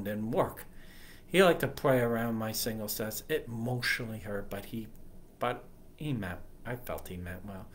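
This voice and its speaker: A man who leads a ministry, giving a personal testimony in a halting, earnest way, often stopping to correct himself. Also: fairly low pitch, slight background noise. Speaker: ministry leader.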